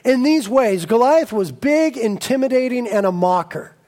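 A man preaching a sermon as pastor, energetic and jokey, telling stories with animated asides. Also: very high-pitched, moderate pace.

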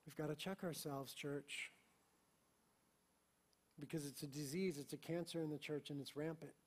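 A young adult man, a pastor preaching a sermon with passion, swinging from hushed lines to emphatic ones. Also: on the high side, fairly even intonation, moderate pace, husky.

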